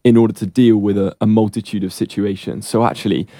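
A man guesting on a radio show, speaking in a measured, reflective way. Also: lowish voice, fairly even intonation, warm tone, dry recording, clean studio sound. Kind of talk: casual radio chat.

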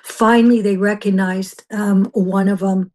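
A woman's voice: medium pitch, fairly even intonation, unhurried, a little mellow. An older woman giving an intense, fervent personal testimony on a radio interview, with frequent restarts. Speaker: missionary guest.

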